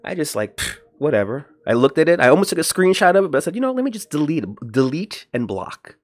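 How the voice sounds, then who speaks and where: A man's voice: quick pace, no room sound. Man rambling on a casual livestream. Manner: rambling, greets viewers by name, animated swings in pitch. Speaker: livestream host.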